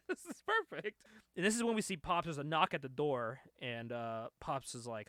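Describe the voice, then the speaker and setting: A man's voice: on the high side, very animated, fairly quick, sharp tone, dry recording. A young man casually retelling a comic book story on a podcast, laid-back, laughing often and filling his talk with "like.". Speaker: podcast co-host.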